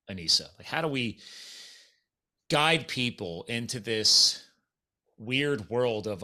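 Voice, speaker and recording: A man's voice: medium pitch, animated, unhurried, long pauses, bright, forceful tone. A man from the United States hosting a podcast in casual chat, making emphatic points straight to his listeners. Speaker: podcast host.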